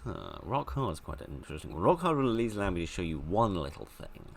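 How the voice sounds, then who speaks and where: A man's voice: low voice, sing-song, brisk, vocal fry. A man giving casual gameplay commentary, chatty and self-deprecating, rambling as he plays. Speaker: let's play host.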